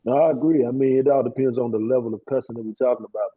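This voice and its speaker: Calm man on a tinny line. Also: medium pitch, racing, no echo. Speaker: panelist. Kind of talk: casual panel discussion. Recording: dry, tinny phone-like sound.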